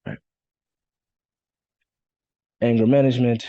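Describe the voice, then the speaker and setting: Deep, dark-voiced man reading poetry. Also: slow, long pauses, dull audio. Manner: rhythmic, repeating words and sounds. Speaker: poet reading his own work. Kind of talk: spoken-word poetry reading.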